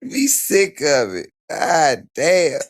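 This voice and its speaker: A man mockingly putting on the voice of a whimpering, crying woman, sobbing and shouting high. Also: sing-song, extremely slow, no echo, clean studio sound, exaggerated voice. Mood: sobbing outrage.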